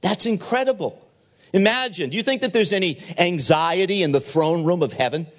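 Expressive preaching man, slightly high voice. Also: brisk. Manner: expressive preaching, acts out dialogue. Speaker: pastor. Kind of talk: sermon. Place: chapel service.

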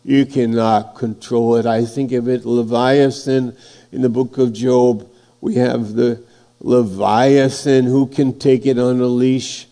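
A man's voice: medium pitch, fairly even intonation, mellow. A man preaching a sermon, reading scripture and building emphasis, his voice rising and falling. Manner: slow, emphatic preaching, voice swelling and dropping.

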